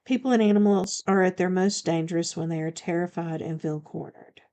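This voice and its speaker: A woman's voice: lowish voice, a little fast, dark tone, lightly acted. A woman reading the part of a blunt, commanding male shifter bodyguard in an audiobook, speaking firmly and matter-of-factly.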